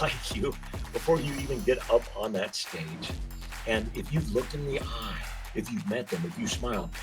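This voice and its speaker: A man who works as a speaker coach, presenting a webinar on public speaking, animated and addressing the listener with frequent questions. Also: mid-range voice.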